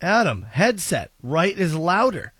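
A man's voice: sits high, big pitch swings, measured pace, fairly bright tone, dry recording. A man co-hosting a morning radio show from the studio, joking and chatting loosely with his partner on a studio mic. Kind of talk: casual morning radio banter. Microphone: studio microphone with headphones.

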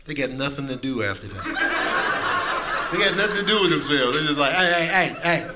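A man's voice: on the high side, sing-song, moderate pace, heavy background noise. A male comedian casually riffing about pets in a laid-back, chuckling manner.

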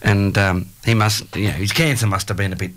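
A middle-aged Australian man hosting a radio chat, rambling and halting with lots of fillers. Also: lowish voice, steady tone, fairly bright tone. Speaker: radio host. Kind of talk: casual chat.

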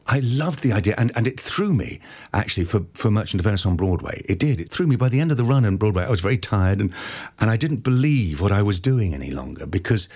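A middle-aged actor telling stories in an interview, animated and stumbling over restarts. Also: male voice, fairly low pitch, husky. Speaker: actor, guest. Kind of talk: interview anecdote.

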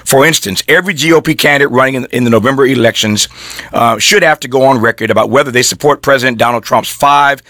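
A man's voice: mid-range voice, fast talker, a bit bright, no echo, studio quality. A middle-aged man hosting a political talk show, reading quotes aloud with emphasis and adding folksy asides.

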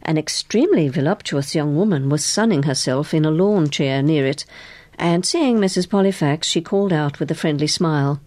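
A woman narrating a novel in an expressive way, giving each character a voice. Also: low-pitched, moderate pace, dry recording. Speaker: audiobook narrator. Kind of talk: scripted narration.

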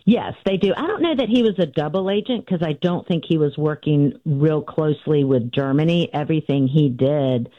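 A woman's voice: sits low, normal speed, hardly any pauses, dry recording. A woman in her sixties, an author guest, telling her family story in a conversational way, with many fillers and restarts as she recounts events. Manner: recounts events with frequent fillers and restarts, acting out quoted voices. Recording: tinny phone-line sound.

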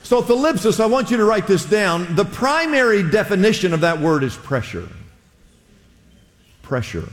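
A man with a somewhat high voice preaches in a church sanctuary, his words trailing off into a long hall reverb. He talks in a loose, conversational way, restarting phrases and calling on the congregation to repeat after him. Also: very animated, moderate pace. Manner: conversational preaching with audience call-and-response. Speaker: pastor. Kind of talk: sermon.

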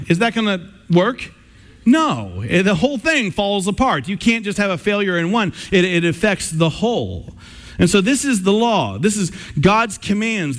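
A man preaching from the pulpit with a fairly high voice. He speaks earnestly and drives his points home with lively everyday illustrations. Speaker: pastor. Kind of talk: sermon.

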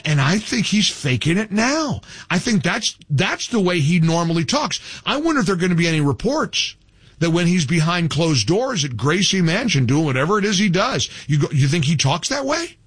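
A man's voice: on the high side, sing-song, normal speed, breathy edge, no echo. A man hosting a talk radio show, speaking emphatically with scornful, repetitive insistence. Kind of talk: opinionated talk radio monologue.

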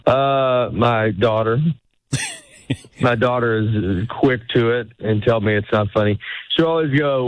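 A man's voice: medium pitch, a little slow, low-quality recording. A middle-aged man, a stand-up comedian, chatting casually in an interview, rambling and cutting himself off as he acts out little quoted lines.

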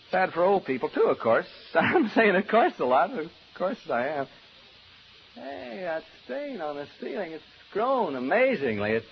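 A jumpy, rambling radio announcer. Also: male voice, fairly high pitch, slight background noise. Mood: gloomy. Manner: nervous, stammering, rambling and chatty. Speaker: radio announcer alone in a haunted house. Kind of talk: 1940s radio drama acting. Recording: dull old radio drama recording.

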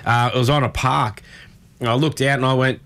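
An Australian man in his thirties, co-hosting a casual radio chat. He spins long, rambling stories, restarting his sentences as he goes. His voice sits at an ordinary middle pitch. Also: steady tone, a little fast, fairly bright tone. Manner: rambling anecdotes with many restarts. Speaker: radio co-host.

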